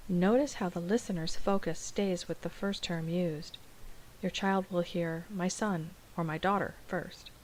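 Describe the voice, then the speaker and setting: A woman teacher speaks in a calm, measured way, explaining carefully as if in a scripted dialogue. Her voice sits on the low side. A faint hiss runs under the recording. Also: poor audio. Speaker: special education teacher.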